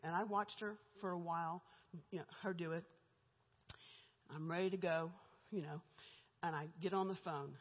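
A woman's voice: fairly low pitch, fairly even intonation, moderate pace, pauses often. A middle-aged woman giving a candid, chatty church testimony about her own life, laughing between lines. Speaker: guest speaker giving a testimony. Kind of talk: church testimony, conversational storytelling. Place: church sanctuary. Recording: echoey church hall, muffled.

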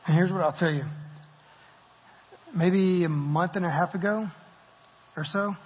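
Male preacher, casual and self-deprecating; husky tone, muffled hall recording. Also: high voice, measured pace. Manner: conversational and self-deprecating, laughs often. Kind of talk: sermon. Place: church sanctuary. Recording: muffled audio with long hall reverb.

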